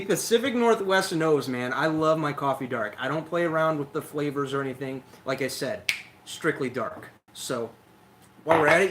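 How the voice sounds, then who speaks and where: A young man hosting a casual lawn care livestream, chatty and energetic, a little out of breath, talking into a phone. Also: mid-range voice, a little hiss or hum, rough recording. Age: young adult. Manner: chatty, energetic, filler-heavy. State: slightly out of breath. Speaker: lawn care show host. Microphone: phone camera.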